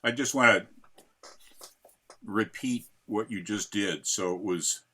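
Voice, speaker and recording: A man's voice: lowish voice, takes it slowly, pushed and bright. A man in a workshop on a video call who checks the steps by repeating them back. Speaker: workshop participant.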